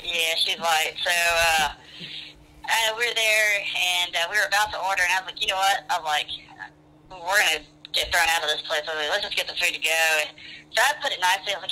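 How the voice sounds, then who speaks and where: A man with a high, sharp voice talks fast as he phones in to a radio program. He tells a casual, meandering story, leaning heavily on fillers like "uh" and "I was like."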